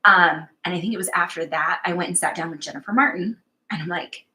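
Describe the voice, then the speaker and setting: A woman shares her stories as a psychic medium in a casual, chatty way. Her voice is bright and forward, sitting slightly low in pitch. She is candid and pokes fun at herself as she talks. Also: quick pace, rough recording. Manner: candid, chatty, self-mocking. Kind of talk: casual conversational storytelling.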